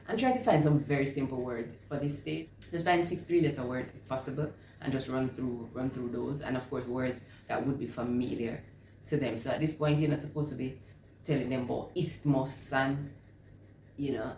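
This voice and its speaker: Low-voiced woman teaching vowel sounds. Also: darkish tone, a little hiss or hum. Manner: slow, overemphasized sounding out of vowel words. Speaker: reading teacher. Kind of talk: instructional talk on phonics. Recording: echoey room with faint ambience.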